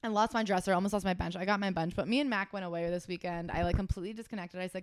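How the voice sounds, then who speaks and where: A young woman co-hosting a podcast, telling an animated story with swearing and acted-out dialogue. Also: on the low side, rapid-fire, few pauses, clear, resonant tone, no room sound, studio quality. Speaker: podcast co-host. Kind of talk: casual chat.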